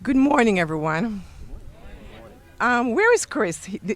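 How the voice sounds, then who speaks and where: A woman school superintendent giving a lively, joking speech to a crowd at an outdoor sports field. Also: on the high side, unhurried. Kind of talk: ceremony speech.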